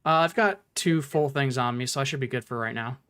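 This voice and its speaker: A man's voice: medium pitch, fairly quick, a bit bright. Laid-back man chatting over gameplay. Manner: laid-back, joking, talks through his plans. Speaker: gaming streamer. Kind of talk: casual gameplay commentary.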